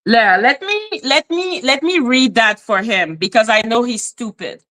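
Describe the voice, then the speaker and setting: A woman's voice: a little high, expressive, measured pace, pushed and bright. A woman from Canada with a French accent, hosting a livestream commentary in a blunt, profane, indignant way. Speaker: commentary channel host.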